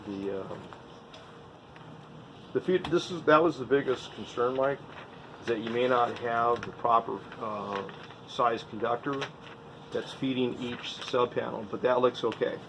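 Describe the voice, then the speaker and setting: A man's voice: medium pitch, measured pace. A man working as an electrical inspector, talking through a job on site in a casual, methodical way. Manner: methodical, explains step by step. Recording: noisy on-site recording.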